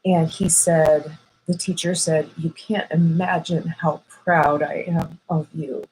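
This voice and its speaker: Woman vlogger, lower voice, heartfelt storyteller, faint room noise behind. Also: slow, poor audio. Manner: emotional, animated retelling with quoted voices. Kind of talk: personal storytelling to camera.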